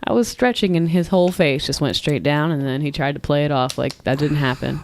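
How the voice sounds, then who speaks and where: A woman's voice: sits low, fairly quick, darkish tone, a little hiss or hum. A young woman co-hosting a podcast, bickering playfully and laughing easily in casual chat. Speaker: podcast co-host.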